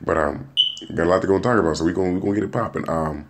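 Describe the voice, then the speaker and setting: Young man, very low voice, podcast host, casual rambling monologue, restarts and repeats, light hiss. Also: rapid-fire. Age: young adult. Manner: rambling, joking, repeats words and restarts often.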